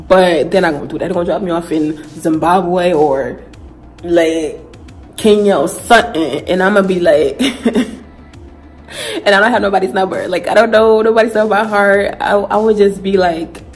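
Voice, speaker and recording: A woman's voice: lowish voice, normal speed, soft background music, rough recording. Chatty young woman telling a story. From Ghana. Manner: chatty, animated retelling full of "like" and slang. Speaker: vlogger. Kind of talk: casual storytime vlog.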